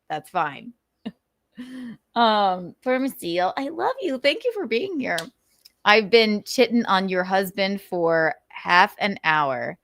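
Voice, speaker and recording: A woman's voice: medium pitch, a bit bright, dry recording, studio quality. A woman hosting a casual livestream, talking animatedly with frequent laughs and restarts. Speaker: livestream host.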